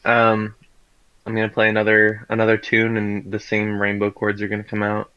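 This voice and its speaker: A man playing a character in a tabletop game, talking in a relaxed, playful way. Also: on the low side, moderate pace, clear, resonant tone, lo-fi sound. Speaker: player. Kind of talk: casual game talk.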